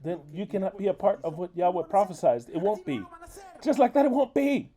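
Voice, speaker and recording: A man's voice: sits high, very animated, fairly quick, mellow. A man giving an English voice-over interpretation of a sermon, crude, scolding and emphatic.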